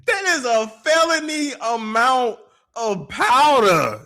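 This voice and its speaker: A man with a high, bright voice hosts a reaction commentary. His pitch swings widely as he jokes, laughs and swears in disbelief. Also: unhurried. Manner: animated, laughing, profane, incredulous. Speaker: show host and commentator.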